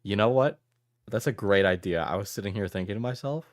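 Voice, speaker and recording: A man's voice: on the low side, brisk, dry recording, clean studio sound. A man streaming casually, laid-back and tired, laughing as he chats with his viewers.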